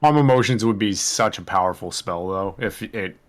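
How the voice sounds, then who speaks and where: A man playing in a tabletop game, describing his character's moves in a hesitant, unhurried way with soft laughs. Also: on the low side. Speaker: player. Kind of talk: tabletop game play, casual chat.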